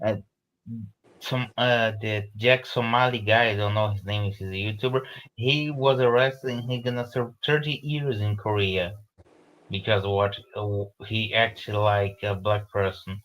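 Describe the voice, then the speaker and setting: A man joining a casual panel chat who speaks earnestly and haltingly, often searching for his words. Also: fairly low pitch, steady tone, fairly bright tone, rough recording. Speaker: panel guest.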